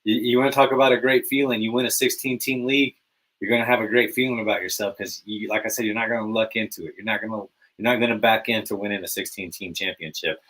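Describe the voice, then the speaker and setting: A man's voice: fairly low pitch, quick pace, low-quality recording. A man hosting a live fantasy football podcast, talking casually and with energy, peppering his lines with "man" and "baby". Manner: energetic, hype, repetitive "man" and "baby" fillers. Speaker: podcast host.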